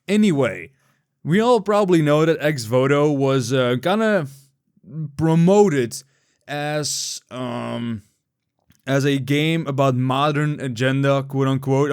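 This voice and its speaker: A man's voice: mid-range voice, measured pace, darkish tone, clean tone, no room sound, studio quality. A young man giving unscripted, rambling commentary, casual and profane, with many fillers and restarts. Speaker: YouTube commentator.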